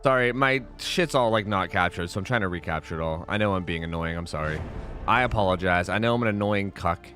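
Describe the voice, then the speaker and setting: A man's voice: deep voice, fast, fairly bright tone, faint music behind. A man hosting a casual livestream who swears a lot, rambles, and keeps thanking subscribers.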